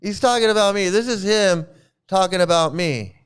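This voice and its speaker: A man's voice: sits high, moderate pace, smooth. Man on a heated, profane rant. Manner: heated, profane, repetitive ranting. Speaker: channel host. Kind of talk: angry ranting vlog commentary.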